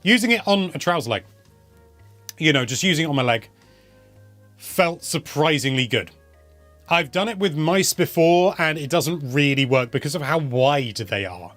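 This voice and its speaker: A man's voice: a little high, lively intonation, normal speed, fairly bright tone, no room sound, soft background music. Chatty, rambling man answering questions. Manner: chatty, rambling, self-correcting. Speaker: host answering viewer questions. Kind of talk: casual live Q&A chat.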